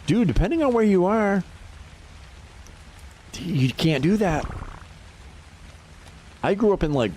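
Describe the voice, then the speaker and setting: New dude on a game stream, cussing and laughing, voice bounces all over. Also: male voice, sits high, takes it slowly, long pauses, a little hiss or hum. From New Hampshire. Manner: animated storytelling, swears freely, laughs often. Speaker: livestreamer. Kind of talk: casual chat while gaming.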